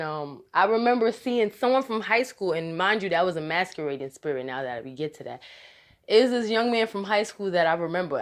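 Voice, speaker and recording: A woman telling a rambling, casual story to her viewers, laughing often and restarting her sentences. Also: fairly low pitch. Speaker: vlogger.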